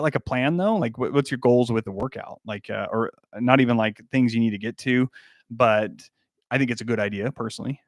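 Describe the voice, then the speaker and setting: A young man with a fairly low voice hosts a casual livestream, reading out chat comments and laughing a lot. The recording is clean studio sound with no echo.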